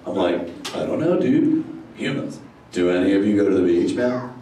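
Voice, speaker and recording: Speaking in his natural, lowish voice, animated and at normal speed, a man voices a laid-back surfer-dude sea turtle for a live improvised show, stoked and drawling "dude" at everyone. The audio comes from far off in a large indoor theater, echoey, noisy and full of a loud crowd.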